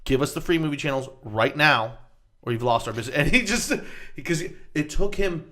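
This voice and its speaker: A man co-hosting a podcast, chatting casually and profanely, acting out phone calls with loud bursts. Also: on the high side, lively intonation, brisk. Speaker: podcast co-host. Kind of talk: casual chat.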